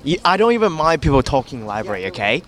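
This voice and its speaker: A man's voice: a little high, big pitch swings, fast talker, fairly bright tone. Blunt, swearing young man from China. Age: young adult. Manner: blunt, swears a lot, exasperated. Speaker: guest. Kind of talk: casual chat.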